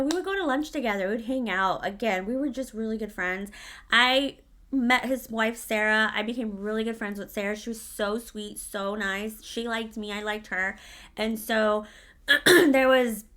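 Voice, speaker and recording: A woman's voice: on the high side, normal speed, a bit bright. A woman telling a storytime to her vlog audience in a casual, blunt way, swearing freely.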